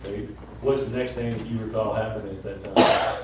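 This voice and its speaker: Brisk lawyer far off in echoey court. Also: male voice, fairly low pitch, steady tone. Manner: brisk, direct questions. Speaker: attorney questioning a witness. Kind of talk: courtroom examination. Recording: distant, very echoey, noisy courtroom mic.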